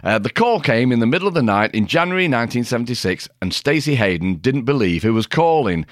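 A man's voice: medium pitch, very animated, fast, no echo, studio quality. A man co-hosting a music podcast, chatting casually and joking, with many hesitant fillers. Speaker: podcast co-host.

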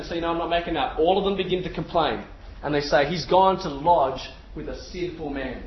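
High-voiced preacher in an echoey hall. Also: male voice. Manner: animated storyteller who asks the crowd questions. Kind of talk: sermon. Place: large hall with an audience. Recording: echoey hall, distant mic, dull sound, faint noise.

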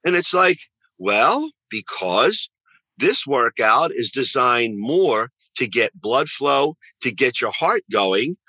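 Bright-voiced trainer guy, emphatic, repeats himself, kinda dull dry audio. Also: mid-range voice, sing-song, slow, slightly rough, no room sound. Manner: emphatic, repeats phrases for stress. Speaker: fitness trainer. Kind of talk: casual interview answers.

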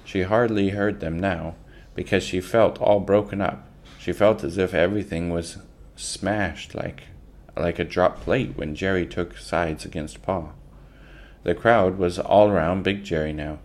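A man reads a children's book aloud in a very deep voice. He takes his time, going slowly and plainly, and sometimes stumbles and restarts a word. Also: steady tone, a little mellow. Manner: unhurried reading with small slips and restarts.

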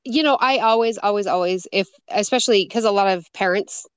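A woman's voice: medium pitch, fairly quick, smooth, no echo. A woman with a mid-range voice, recorded dry and close. She chats as a podcast co-host in a thoughtful, slightly hesitant way. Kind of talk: casual chat.

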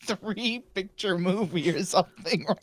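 A woman's voice: medium pitch, measured pace, dry recording. A woman co-hosting a podcast in casual chat, teasing her co-host.

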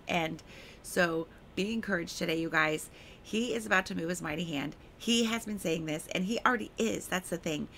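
A woman with a lowish, gravelly voice that still rings bright, delivering a prophetic message with fervent, repeated emphasis. Between readings she slips into chatty, informal remarks to her listeners, like a devotional podcast host. A faint hiss sits behind her. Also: moderate pace. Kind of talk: reading a prophetic word, then devotional talk.

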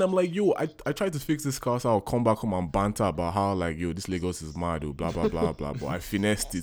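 A young man from Nigeria co-hosting a casual podcast, telling animated stories full of swearing and laughter. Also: deep voice, a little fast. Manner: animated storytelling, profane, laughing. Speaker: podcast co-host. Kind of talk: casual chat.

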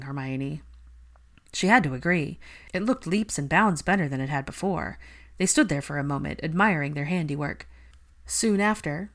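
A woman reading fan fiction aloud in a steady, calm narration. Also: deep voice. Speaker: reader.

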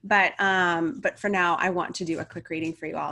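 A woman's voice: lowish voice, a little fast, sharp tone. A middle-aged woman talking casually and earnestly as a spiritual coach and card reader, rambling a little. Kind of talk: casual spiritual vlog talk. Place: home video setup.

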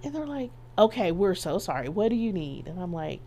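A woman's voice: on the low side, sing-song, brisk, few pauses, mellow, muffled recording. A middle-aged woman telling a personal story as an interview guest, acting out the quoted voices and laughing as she goes.

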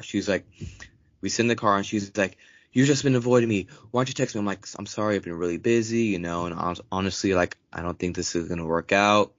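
A man's voice: on the low side, a little fast, dry recording. A young man co-hosting a podcast, telling a story in casual chat, swearing often and acting out other people's lines in a raised voice. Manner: profane, animated, acts out quotes in raised voice. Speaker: podcast co-host. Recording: dull lo-fi dry recording.

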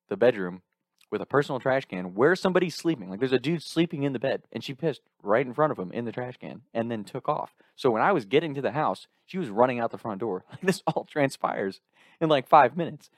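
A man in his twenties casually telling an animated story, laughing through it. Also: medium pitch, brisk, dry recording, studio quality.

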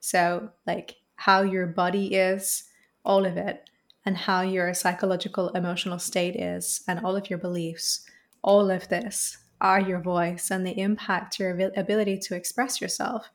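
A woman's voice: fairly low pitch, flat delivery, normal speed. A woman speaking as a guest in an interview, earnest and flowing, often repeating a phrase for emphasis as she explains. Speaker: voice coach guest. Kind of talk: reflective interview answer.

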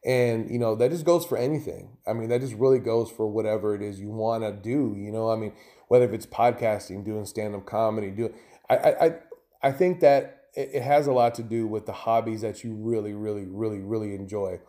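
A man's voice: on the low side, fairly quick, dark tone. A man hosting his own podcast in a loose, rambling, profane way, chatting casually on his own. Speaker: podcast host. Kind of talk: casual solo podcast talk.

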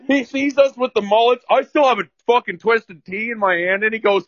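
A man's voice: very high voice, a little fast, hardly any pauses, fairly bright tone, dull audio. A young man from Ontario telling a rowdy, profane story in casual chat, rambling and laughing as he goes. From Ontario, Canada.

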